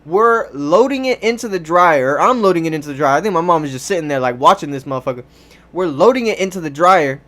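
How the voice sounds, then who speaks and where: A man's voice: fairly high pitch, a bit bright. A young man telling a casual storytime, loose and slangy with lots of cursing and fillers. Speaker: vlogger.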